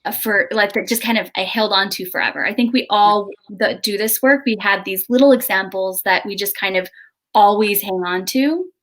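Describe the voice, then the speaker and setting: A middle-aged woman hosting a casual video chat, telling a story in an animated way with halting restarts. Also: medium pitch. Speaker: host.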